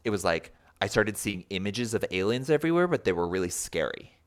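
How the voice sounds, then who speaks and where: A man's voice: lowish voice, fairly quick. A man, a podcast guest on a remote call, telling a story in a casual, rambling way full of likes and you-knows. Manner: rambling, animated, filler-heavy with many likes and you-knows.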